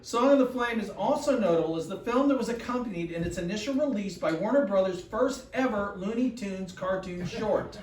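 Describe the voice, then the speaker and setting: A man's voice: high-pitched, expressive, brisk, hardly any pauses, darkish tone, slight background noise. Jokey man emceeing a live concert. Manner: jokey, pun-loving patter. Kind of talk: stage announcing between songs. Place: concert venue before a live audience. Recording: echoey live hall from far off with audience.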